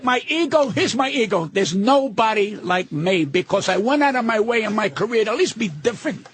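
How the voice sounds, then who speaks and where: A man's voice: high voice, big pitch swings, a little fast, fairly bright tone. An older man, a veteran comedian ranting bluntly and combatively on a radio show, cursing freely. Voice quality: gravelly, husky. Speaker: guest comedian. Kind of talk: profane radio rant.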